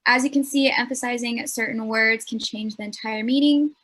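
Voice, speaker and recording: A young woman leads a speech workshop with an earnest, explanatory delivery. She fills her pauses with ums, and her voice sits a bit higher than most. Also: steady tone, a bit bright. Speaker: student workshop presenter.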